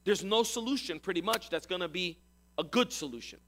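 A man's voice: high-pitched, lively intonation, a little fast, pushed and bright. A male pastor giving a sermon, retelling a scripture story in an emphatic storytelling way.

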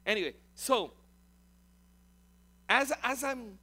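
Animated, bright-voiced male pastor preaching. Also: extremely high pitch, slow pace. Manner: animated, repeats words, addresses congregation. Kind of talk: sermon.

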